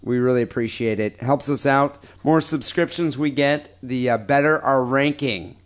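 A man's voice: medium pitch, moderate pace. A man hosting a podcast, reading listener emails aloud with crude, profane, joking banter. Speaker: podcast host.

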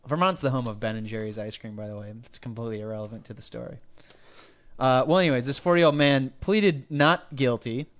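A man's voice: mid-range voice, brisk, lo-fi sound. A man co-hosting a podcast, casually reading out a news article and breaking off for joking asides. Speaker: podcast co-host. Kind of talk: casual chat, retelling a news story.

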